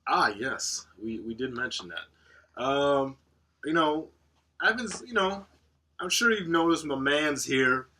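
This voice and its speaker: Animated, husky-voiced man podcast co-host. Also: mid-range voice, takes it slowly. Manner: profane, animated, laughs often. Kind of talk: casual chat.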